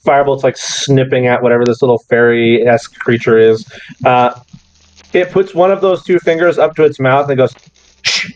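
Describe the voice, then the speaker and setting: A man's voice: mid-range voice, normal speed, darkish tone, dry recording, lo-fi sound. A man narrating as game master in a tabletop game, describing scenes loosely with lots of "like"s. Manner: loose, casual describing with many "like"s.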